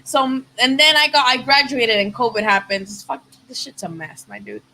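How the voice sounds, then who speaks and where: Young woman, livestream host, bright tone, faint background noise, animated casual chat. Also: fairly high pitch, normal speed, poor audio. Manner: animated, swearing, overthinking aloud. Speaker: boxing show host.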